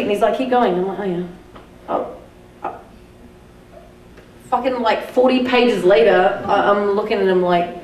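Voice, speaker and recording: A young New Zealand woman tells an anecdote to a live audience, cheerfully profane and quick to laugh. Her voice echoes around a cinema auditorium, picked up from a distance over steady room noise. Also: mid-range voice. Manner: lively, swears freely, laughs often while telling. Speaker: guest speaker at a film screening. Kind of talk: animated storytelling to a live audience. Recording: echoey cinema taped from far off.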